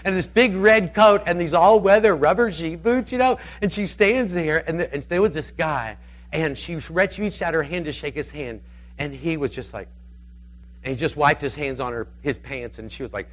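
A man preaching, telling a rambling, animated story and slipping into the voices of its characters. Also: a little high, normal speed. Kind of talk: storytelling sermon.

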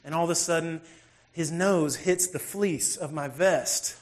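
Pastor; lively, self-mocking storyteller with a fairly high voice. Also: male voice, measured pace. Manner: animated, self-deprecating, acts out scenes. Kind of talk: humorous storytelling sermon.

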